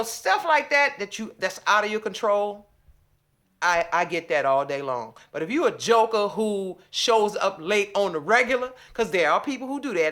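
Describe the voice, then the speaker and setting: Woman, vlogger, sassy rant, animated pitch, middle voice. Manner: animated, sassy, acts out both sides of a phone call. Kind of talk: storytelling rant to camera.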